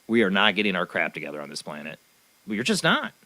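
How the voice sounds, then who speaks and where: A man's voice: low-pitched, huge pitch swings, quick pace, bright, forceful tone, dry recording. A man hosting a talk show, rambling along in a cynical, sarcastic way. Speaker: show host. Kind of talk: casual talk radio commentary.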